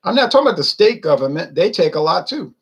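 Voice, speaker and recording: Talking fast in a high, husky, very animated voice with vocal fry, this American man delivers a rambling, opinionated rant to camera packed with rhetorical questions.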